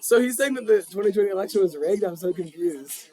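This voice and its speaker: A man's voice: high voice, animated, fast, warm tone. A man co-hosting a podcast in casual chat, wry and a bit puzzled. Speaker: podcast co-host.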